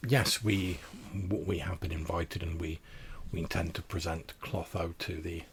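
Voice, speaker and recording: A man voicing a genteel old vampire crone woman who speaks formally and courteously, often halting and repeating words. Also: low-pitched, steady tone, slight background noise.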